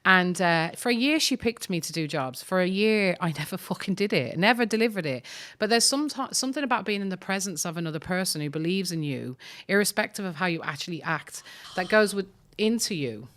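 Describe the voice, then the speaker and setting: A woman's voice: on the low side, lively intonation, a little fast, few pauses, fairly bright tone. A middle-aged woman, a podcast guest and author, telling her life story earnestly and emphatically, swearing freely. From Ireland. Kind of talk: conversational storytelling.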